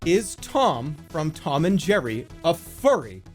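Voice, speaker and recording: Animated rambling man in his forties. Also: a little high, slow, faint music behind. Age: 40s. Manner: animated, rambling arguer with frequent fillers and swearing. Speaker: live streamer. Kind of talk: casual stream chat.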